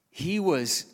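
A man pastor telling a story in a sermon, often clearing his throat as he retells conversations. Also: a little high. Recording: long hall reverb.

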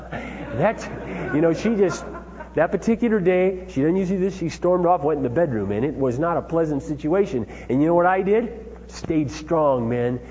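A man's voice: a little high, a little mellow. Middle-aged man, folksy emphatic storyteller; dull lo-fi recording with faint hum. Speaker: father giving parenting talk. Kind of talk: personal storytelling talk. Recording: dull lo-fi sound with hall reverb and faint hum.

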